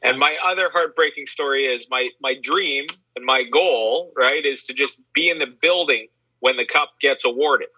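A man in casual chat, telling lively, self-deprecating stories with a husky voice. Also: mid-range voice, moderate pace, hardly any pauses, no echo, muffled recording. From Western Canada. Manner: animated, self-deprecating storyteller.

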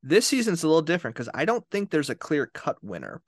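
A man's voice: a little high, sing-song, fast, no room sound. Chatty man with a dry close sound. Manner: chatty, laughs often, acts out quotes. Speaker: podcast co-host. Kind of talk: casual chat.

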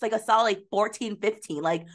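A woman's voice: medium pitch, a little fast. A woman co-hosting a podcast, retelling a movie in casual chat, incredulous and filling her talk with "like". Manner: incredulous, heavy use of "like", animated retelling. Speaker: podcast co-host.

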